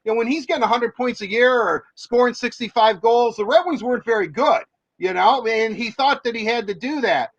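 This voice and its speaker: High-voiced rambling male sports reporter. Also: a little fast, no echo, lo-fi sound. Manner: rambling, many fillers and restarts. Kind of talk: casual storytelling.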